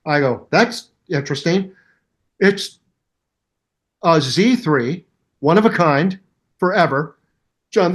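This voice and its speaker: Appearing as a guest in a casual interview, an older male musician recounts stories with animation and mimics sounds and voices. His voice is high-pitched.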